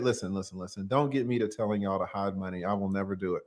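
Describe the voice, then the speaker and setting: A man's voice: lowish voice, fast, few pauses. A man hosting a livestream, joking and laughing often as he reads viewer super chats aloud in casual chat.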